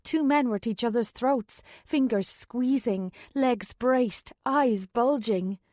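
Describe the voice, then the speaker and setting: A woman's voice: a little high, slow, darkish tone, no room sound, studio quality. Woman narrating an urgent fantasy audiobook. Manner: urgent, tense storytelling. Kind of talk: first-person dramatic audiobook narration.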